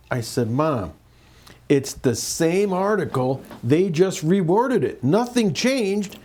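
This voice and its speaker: Animated man, higher voice. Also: slow pace. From northeastern Pennsylvania. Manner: animated, repeats words, acts out quotes. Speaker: interview guest. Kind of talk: candid interview storytelling.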